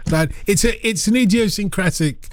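A man's voice: high voice, normal speed, no echo. A man hosting a radio phone-in, chatting in a playful, teasing way. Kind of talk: casual phone-in chat. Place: radio studio.

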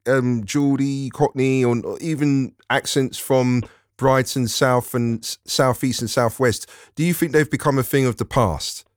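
A man's voice: medium pitch, fairly even intonation, unhurried, no room sound, clean studio sound. A male radio presenter chatting with a caller on a phone-in show, talking in a friendly way with plenty of fillers. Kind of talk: phone-in chat. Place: radio studio.

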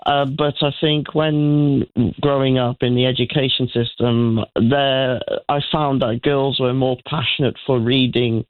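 A man calling in to a radio phone-in, eager and earnest, a little halting. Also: medium pitch, fairly even intonation, no room sound. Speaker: radio caller. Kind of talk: phone-in chat. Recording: tinny phone line.

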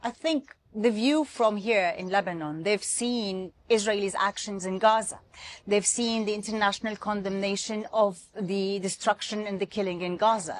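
Woman correspondent reporting down a remote line. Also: medium pitch. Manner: steady, explanatory, fluent reporting. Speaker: foreign correspondent. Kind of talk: news interview answers. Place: remote link.

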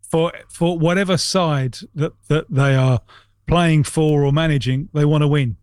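A man's voice: fairly high pitch, fairly even intonation, unhurried, darkish tone, smooth, no echo. A jet-lagged, tired man giving careful opinions as a studio pundit on sports radio.

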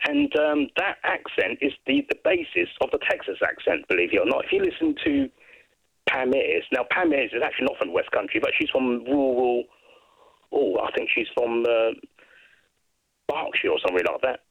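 A man's husky, gravelly voice reaches us down a dull, dry phone line. His pitch rises and falls as he rambles from one memory to the next, chatty and unhurried. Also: huge pitch swings, no room sound. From Brighton, England. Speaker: guest. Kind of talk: casual chat.

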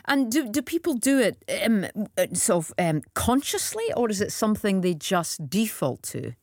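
Radio host lady, lively sing-song pitch, dry close sound, chatty with callers. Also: moderate pace, no room sound. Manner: friendly and encouraging, with lots of short backchannels. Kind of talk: radio phone-in hosting.

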